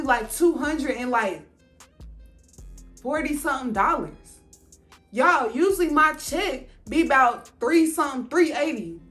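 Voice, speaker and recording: A woman telling a personal story to her viewers in a casual, animated and profane way, speaking to them directly. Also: high voice.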